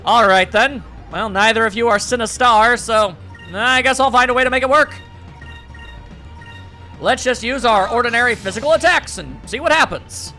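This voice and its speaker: A man with a very high voice does let's play commentary at a moderate pace, his tone bright and forceful. He's wry and chatty, reading the game's dialogue aloud while faint game music plays behind him.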